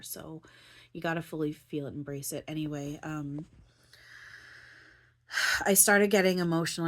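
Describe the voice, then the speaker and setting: A woman talking through her feelings in a rambling personal monologue, filling her talk with "like" and "you know", at times close to tears. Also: deep voice. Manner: rambling, full of "like" and "you know", restarts often. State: near tears, voice breaking. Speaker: spiritual channeler and vlogger.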